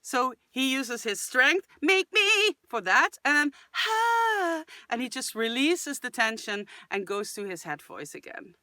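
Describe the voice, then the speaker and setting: Animated, chatty woman vocal coach. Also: on the high side, moderate pace, hardly any pauses, no echo. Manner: demonstrates sounds with sudden loud shouted cries; chatty, enthusiastic, breaks into sung fragments. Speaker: singing channel host. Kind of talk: reaction video with vocal tips.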